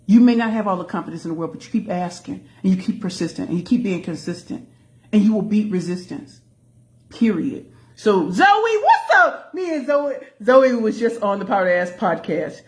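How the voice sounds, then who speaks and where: A woman hosting a casual live stream as a pitch coach, greeting viewers by name and calling out to the audience as y'all. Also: very animated, normal speed. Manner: folksy, addresses the audience as y'all.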